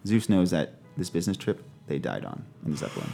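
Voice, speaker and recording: A man narrating a tabletop role-playing game as game master, slowing down to describe scenes, laughing and swearing casually. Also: low voice, sing-song, vocal fry, dark tone, faint music behind.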